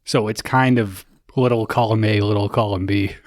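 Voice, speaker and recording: A man's voice: lowish voice, fairly even intonation, moderate pace, dry recording. A man co-hosting a podcast, loose and joking with plenty of swearing. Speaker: podcast co-host. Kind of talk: casual banter.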